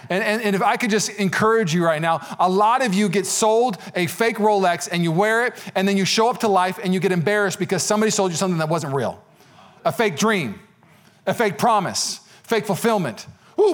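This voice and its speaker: Young guy pastor preaching fast, slangy and jokey, voice sits kinda high, climbs on the big repeated lines. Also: expressive. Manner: conversational, joking, slangy preaching with rising repetitive appeals. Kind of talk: sermon.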